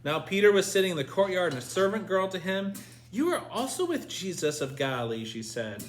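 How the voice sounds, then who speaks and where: A man's voice: high voice, very animated, a little fast. A man leading a Bible study lesson, asking his group questions and reading scripture aloud. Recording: echoey room with faint noise.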